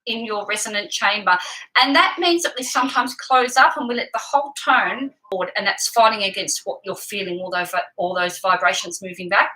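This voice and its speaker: A woman teaching singing, with a bright, ringing tone and a voice set a little high. She walks through vocal technique patiently and clearly, step by step. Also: poor audio. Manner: explains clearly and patiently, with sung examples. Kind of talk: vocal lesson with sung demonstrations.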